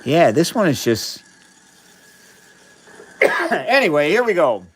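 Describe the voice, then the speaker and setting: A man hosts a casual live science stream from a chemistry lab, narrating each step of his experiments. His voice sits a bit high for a man, and he keeps up a friendly running chat with viewers, greeting them by name. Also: big pitch swings, slow, husky.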